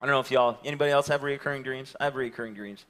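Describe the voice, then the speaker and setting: A man, preaching a sermon and telling lively personal stories, acting out the voices of the people in them. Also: medium pitch, racing. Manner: animated storytelling, acting out voices. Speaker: pastor. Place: church sanctuary.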